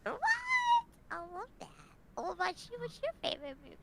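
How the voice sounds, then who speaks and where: A woman streamer chatting on a convention panel, excitable and prone to gasps and squeals. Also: very high voice, a little fast, vocal fry, heavy background noise. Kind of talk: casual panel chat.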